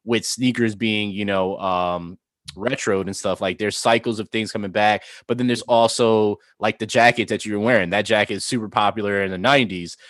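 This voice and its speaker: A man's voice: lowish voice, steady tone, normal speed, a bit bright, dry recording, studio quality. A man co-hosting a casual sneaker podcast, talking in a rambling, enthusiastic way with many restarts. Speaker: podcast co-host.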